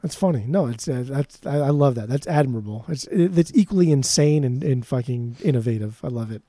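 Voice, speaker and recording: A man co-hosting a casual music podcast, talking in an animated, jokey way and swearing freely. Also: medium pitch, fairly quick, dry recording. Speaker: podcast co-host.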